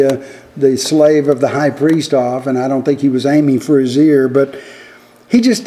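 A man's voice: fairly high pitch, warm tone. A man preaching a sermon in an earnest, folksy way, often restarting phrases and raising his voice to act out quoted lines. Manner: acts out quoted lines with a raised voice.

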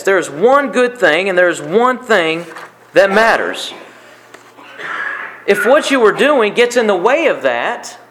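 A man's voice: high voice, a bit bright. A man preaching a sermon, repeating key lines for emphasis. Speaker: pastor.

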